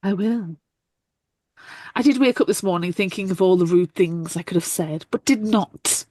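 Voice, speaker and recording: A woman's voice: on the low side, moderate pace, warm tone, dry recording, clean studio sound. A woman co-hosting a book podcast in a playful, amused way. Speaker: podcast co-host. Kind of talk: casual book-club chat.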